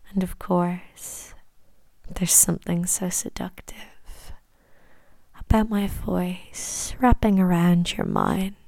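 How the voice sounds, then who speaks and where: A woman guiding a listener through a hypnosis session in slow, soothing whispered ASMR. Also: lowish voice, vocal fry, darkish tone, no echo. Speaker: hypnosis audio creator.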